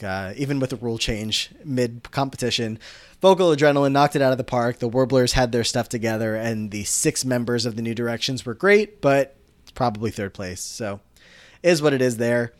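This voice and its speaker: A man's voice: medium pitch, fairly quick. A man co-hosting a podcast, casually recapping a TV episode and quoting the characters as he tells it. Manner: storytelling recap that quotes characters.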